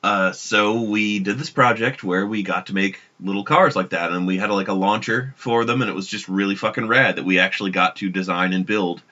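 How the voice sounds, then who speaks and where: Lo-fi, bright-voiced man telling a story. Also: lowish voice, steady tone, fairly quick, hardly any pauses. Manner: rambling, self-interrupting storyteller. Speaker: podcast co-host. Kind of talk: casual storytelling chat. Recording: dull lo-fi podcast audio.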